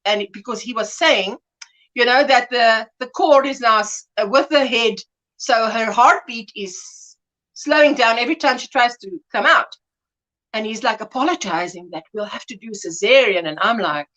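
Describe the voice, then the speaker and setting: A woman's voice: fairly high pitch, moderate pace, fairly bright tone, poor audio. A middle-aged woman hosting a casual livestream, chatting in a rambling way, laughing often, greeting viewers and acting out little scenes. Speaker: livestream host.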